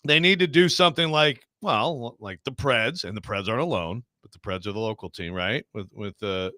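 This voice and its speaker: A man co-hosting a sports talk show, joking in quick casual back-and-forth. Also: fairly low pitch, pushed and bright, no echo, clean studio sound. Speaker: sports radio co-host.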